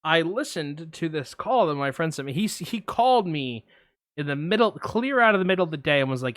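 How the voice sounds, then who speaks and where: A man co-hosting a podcast, telling a story in a casual, animated way with lots of fillers. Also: fairly high pitch, a little fast, no echo, studio quality. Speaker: podcast co-host. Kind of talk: casual chat.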